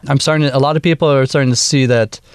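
A man in his thirties from Wisconsin with a Midwestern American accent, talking casually as a guest in a radio interview, relaxed and full of fillers. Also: medium pitch, very fast, clean tone, no room sound, clean studio sound. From Wisconsin, USA. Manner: relaxed, chatty, laughs easily, many fillers. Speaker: bandleader and woodwind player, guest.

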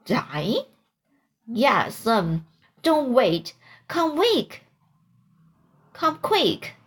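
A woman's voice: fairly high pitch, big pitch swings, slow pace, a bit bright, slightly rough, full character voice. A woman voicing an anxious young boy in a storybook, pleading in a raised, fretful voice. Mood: alarmed.

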